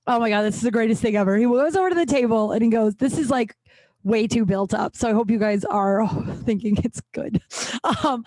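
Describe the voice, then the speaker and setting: A woman hosting her podcast, telling old workplace stories in a rambling, profane, animated way. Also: no echo. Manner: profane, rambling, animated, with sudden jumps in pitch. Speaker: podcast host. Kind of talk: casual storytelling monologue.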